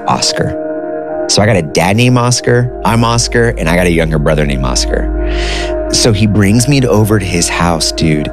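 A man in his thirties casually telling a personal story, with a conversational manner full of "like" and "dude". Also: a bass voice. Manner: conversational, uses filler like "like" and "dude".

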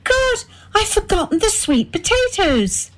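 A bitter middle-aged wife and mother, as a woman reader puts her on, shrill and tearful, hurling accusations. Her voice climbs high above the narration. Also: big pitch swings, measured pace. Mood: accusing.

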